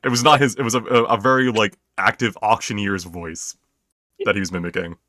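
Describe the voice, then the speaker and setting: A man narrating a tabletop game as game master, in a relaxed, rambling way with fillers. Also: fairly low pitch, brisk, dry recording, studio quality.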